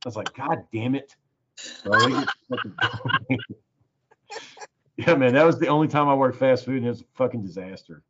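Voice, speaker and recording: A man's voice: medium pitch, normal speed, long pauses, background noise. A man telling a story in casual chat, swearing often and acting out the voices of the people in it. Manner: profane, animated, acts out quoted voices. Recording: dull lo-fi recording.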